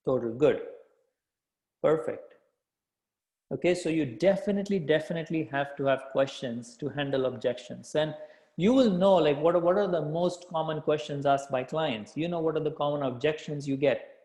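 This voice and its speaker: A man's voice: on the high side, normal speed, warm tone. Male sales coach in an echoey room. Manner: repeats key phrases, checks in with listeners. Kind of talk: live workshop teaching.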